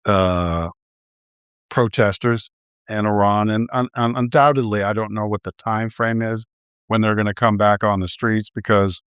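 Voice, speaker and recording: A man speaking as a guest analyst in a policy discussion, measured and halting with frequent restarts. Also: fairly low pitch, no echo, clean studio sound.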